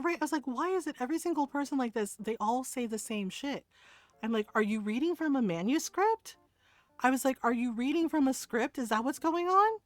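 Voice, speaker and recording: A woman with a higher-pitched voice chats casually while she streams a game. She tells stories with lots of quoted back-and-forth, often checking in with her listeners. The sound is dry and close, with little room echo. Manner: animated storyteller, retells others in quotes, keeps asking "right?".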